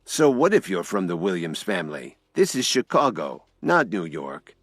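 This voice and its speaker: A man's voice: low-pitched, big pitch swings, normal speed, fairly bright tone, husky, no room sound, studio quality, faint music behind, full character voice. A man voicing a serious, defiant man in an audio drama, coolly warning.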